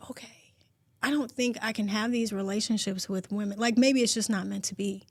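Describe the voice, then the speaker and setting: A woman in her forties co-hosting a podcast, talking in a heartfelt, open, expressive way. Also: medium pitch, brisk, no room sound. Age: 40s. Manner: heartfelt and expressive, talks openly and at length. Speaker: podcast co-host. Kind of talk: casual podcast chat.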